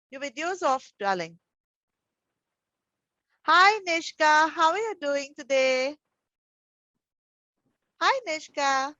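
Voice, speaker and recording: A woman teaching young children over a video call, gentle and encouraging, full of endearments. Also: high-pitched, no room sound. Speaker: preschool teacher. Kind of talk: online class with young children. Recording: dull, dry video call audio.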